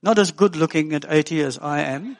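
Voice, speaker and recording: Older man, pastor, sermon, folksy, earnest, wry asides, slightly high voice. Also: fairly quick, vocal fry.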